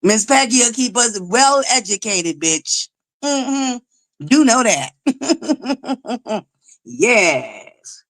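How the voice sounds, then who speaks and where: Loud, foul-mouthed woman livestream host. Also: on the high side, big pitch swings, drawn-out words, long pauses. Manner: loud, belligerent, swears constantly; greets and thanks viewers, pushes for likes. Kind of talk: profane live-chat commentary.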